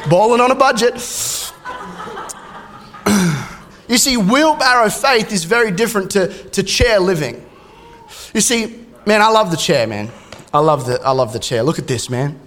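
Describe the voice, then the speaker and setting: A man's voice: high voice, very animated, a little slow, long pauses, a bit bright. A man, preaching a sermon in a casual way with joking asides and frequent restarts. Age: 30s. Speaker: pastor.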